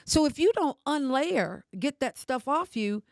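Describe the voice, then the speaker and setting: Older lady, talks emphatic and forceful, dry close sound. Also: sits high, big pitch swings, a little slow, dry recording. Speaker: podcast guest. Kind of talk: emotional casual conversation.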